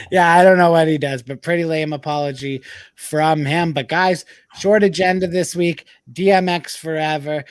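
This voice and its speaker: A man hosting a casual sports chat with friends, loud and profane, joking his way through the banter and reading an ad spot. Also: a little high, fairly even intonation, normal speed, clear, resonant tone, dry recording. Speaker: podcast host.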